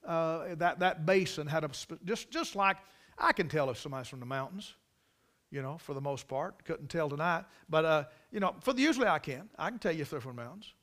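A preacher from the Carolinas with a Southern drawl delivers a folksy, storytelling sermon to his church. His voice sits a little high for a man and rings forceful and bright. He drifts into emphatic asides as he preaches. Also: lively intonation, a little fast. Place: church service.

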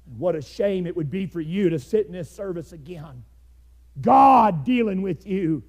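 A man preaching a fiery sermon, swinging between loud shouted climaxes and hushed low passages. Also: lively intonation, slow, pauses often.

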